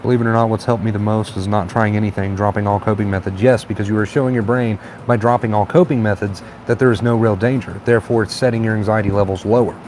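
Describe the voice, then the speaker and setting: A male livestream host talks quickly with few pauses in a lowish voice, relaxed and encouraging as he reads viewer comments aloud in casual chat. Faint traffic can be heard outside.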